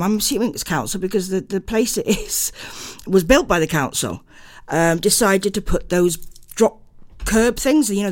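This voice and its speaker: An older woman hosting a local radio show, chatting casually and greeting listeners warmly by name, a little under the weather. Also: lowish voice. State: unwell. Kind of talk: casual radio chat and rambling monologue.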